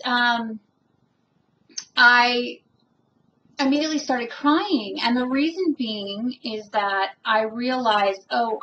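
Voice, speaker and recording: A woman vlogs about her spiritual path, her voice fairly high and a bit bright, with slight background noise in a dull lo-fi home recording. She rambles earnestly through a reflective monologue, stopping to restart and saying um often, and she is openly emotional, calling herself so.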